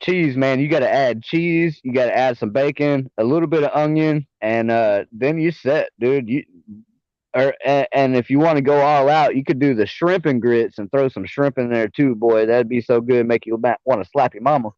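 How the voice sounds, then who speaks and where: A Southern man in casual livestream chat, laid-back and profane, laughing between his sentences. His voice sits at a middle pitch and sounds dull and muffled, with a dry, close sound. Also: moderate pace, a little mellow, dry recording. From American South.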